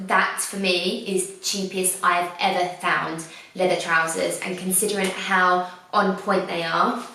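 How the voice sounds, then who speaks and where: A woman's voice: lowish voice, fairly bright tone. Woman vlogger, chatty haul review, a bit far from the mic, faint hiss. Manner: chatty, enthusiastic, rambling with restarts. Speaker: fashion vlogger. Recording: very echoey room, away from mic.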